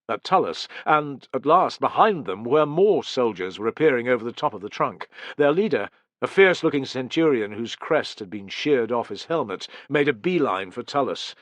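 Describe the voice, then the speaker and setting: Brief: male audiobook narrator, steady dramatic read, bright tone. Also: medium pitch, dry recording.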